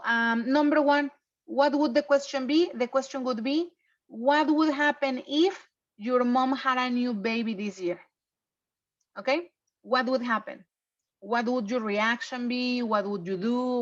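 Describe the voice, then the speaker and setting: Over a video call, a woman teaches English in an online review lesson, walking students through grammar in a plain manner and checking in with a patient "okay?" Her slightly high voice is a little slow with fairly even intonation. The sound is dull, muffled, and lo-fi.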